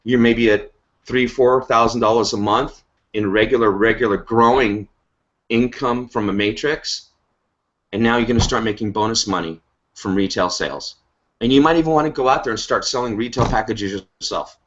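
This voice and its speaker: A man hosting a business update call, giving an emphatic motivational pitch to his team and checking in with "okay?" and "right?". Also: normal speed. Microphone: online video call. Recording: dull lo-fi web call audio.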